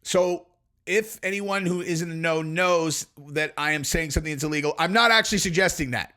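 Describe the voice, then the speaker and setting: A man's voice: on the high side, fairly quick. A man hosting a channel of MMA commentary, ranting casually and animatedly to his viewers, swearing freely and spinning theories. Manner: animated, profane, speculative, talks straight to viewers.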